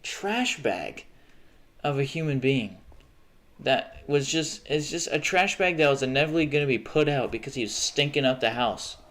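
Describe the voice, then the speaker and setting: A man's voice: medium pitch, lively intonation, normal speed, fairly bright tone. Profane ranting young man. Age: young adult. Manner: profane, ranting, frequent self-interruptions and restarts. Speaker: livestreamer. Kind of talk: casual livestream rant.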